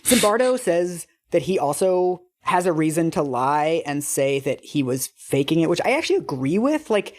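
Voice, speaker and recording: A man's voice: fairly high pitch, very animated, moderate pace, few pauses. A man co-hosting a podcast, explaining a story in a wry, casual way. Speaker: podcast co-host.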